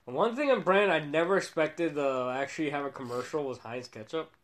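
Host, man, slightly high voice, easygoing, loose trailing sentences. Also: brisk. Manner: laid-back, trailing sentences, says dude. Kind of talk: casual chat reviewing ads.

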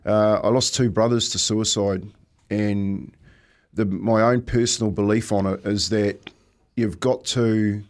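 A man with a New Zealand accent, a former teammate talking casually on a podcast. He speaks in a reflective, halting way, often says "mate", and laughs as he tells stories. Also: on the low side, fairly even intonation. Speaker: former rugby teammate, guest.

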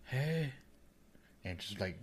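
A man's voice: fairly low pitch, sing-song, slow pace, husky. A man joking around on a podcast, laughing often and telling loose anecdotes in slang. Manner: laughs a lot, slangy, says "bro" and "man". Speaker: podcast co-host. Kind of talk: casual chat.

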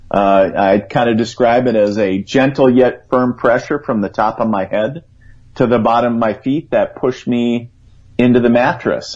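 A man's voice: medium pitch, darkish tone. A man on a call-in radio show as a guest psychic, telling a story in an earnest, rambling way. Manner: earnest, rambling, quotes his own thoughts aloud. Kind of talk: conversational storytelling. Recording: dull lo-fi radio sound.

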